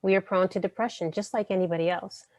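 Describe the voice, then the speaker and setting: A woman presenter on an online panel who speaks reflectively to the audience, gently probing with rhetorical questions. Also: medium pitch, fairly even intonation, quick pace, no echo. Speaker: panel presenter, counselor educator.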